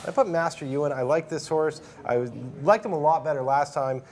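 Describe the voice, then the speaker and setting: A man's voice: a little high, a little mellow. A man casually talking through horse racing picks as a handicapper, rattling through each horse's form. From Canada. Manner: quick, conversational, fast breakdown of form.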